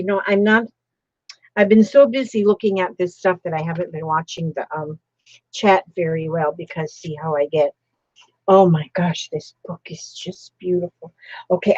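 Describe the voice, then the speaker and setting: A woman's voice: mid-range voice, a little mellow, no room sound, highs cut off. An older woman chatting casually while opening happy mail, gushing and exclaiming often. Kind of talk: casual live-stream chat.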